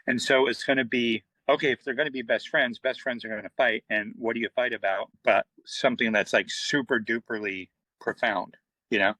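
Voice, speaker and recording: A man's voice: medium pitch, fairly quick, no echo, low-quality recording. A middle-aged man, a comic book writer, telling stories in a casual interview, acting out quoted dialogue with lots of fillers. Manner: animated, acts out quoted dialogue, many fillers.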